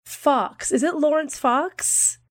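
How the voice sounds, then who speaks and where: A woman co-hosting a podcast, giggly and excitable in casual banter. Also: sits high. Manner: giggly, excitable, quick reactions. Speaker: podcast co-host. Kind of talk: casual chat.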